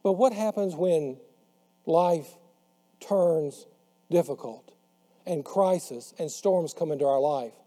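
A man preaching a sermon who slows down and drops his voice on the words he wants to stress. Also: on the high side, warm tone. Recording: long hall reverb.

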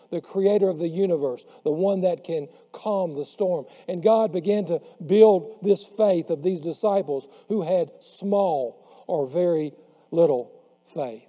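A man preaching a sermon who slows down and drops his voice on the words he wants to stress. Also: fairly high pitch, dark tone. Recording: long hall reverb.

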